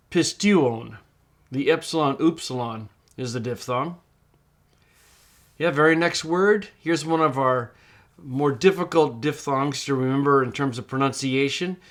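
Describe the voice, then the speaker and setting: A middle-aged man teaching in a screencast tutorial, explaining step by step and slowing down to model words. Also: fairly high pitch. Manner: patient, explains step by step, slows down to model pronunciation. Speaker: Greek teacher.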